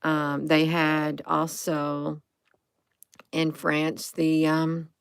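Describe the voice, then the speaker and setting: A tired woman rambling through conspiracy commentary over images, hesitant and full of restarts, sometimes dropping to a hush and then rising in emphatic bursts. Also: deep voice, completely flat delivery, very slow, gravelly, clear, resonant tone, dry recording. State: tired, drained.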